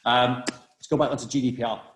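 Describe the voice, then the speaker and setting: A man presenting a webinar over a video call, talking quickly with many restarts and fillers. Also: medium pitch, steady tone, fairly bright tone, echoey room, slight background noise. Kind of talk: live webinar talk on cybersecurity.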